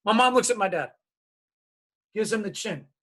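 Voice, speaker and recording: A man telling a personal story to an audience as a diversity speaker. He talks in an animated way and acts out the voices of family members as he goes. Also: sits high, normal speed. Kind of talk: storytelling keynote talk.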